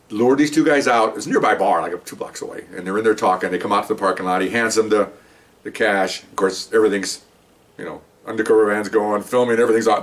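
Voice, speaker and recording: Casting note: fast-talking man, low voice, ex-cop spinning a rambling yarn, mic a bit distant. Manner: rambling, conversational, lots of "you know" and "okay". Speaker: retired police officer telling stories. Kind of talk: casual storytelling.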